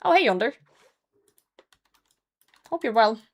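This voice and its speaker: Her voice is on the high side with big pitch swings, and she talks slowly, though the highs sound cut off. She's a young woman casually commentating a game on stream, joking bluntly at her own expense, laughing often and cursing when things go wrong.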